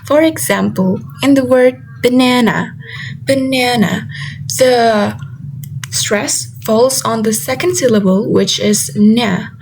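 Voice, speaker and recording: A young woman whose first language is Indonesian gives a class presentation, carefully repeating example words slowly. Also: on the high side, vocal fry, a little mellow, slight background noise, rough recording. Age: young adult. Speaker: student presenter. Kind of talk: class presentation on word stress.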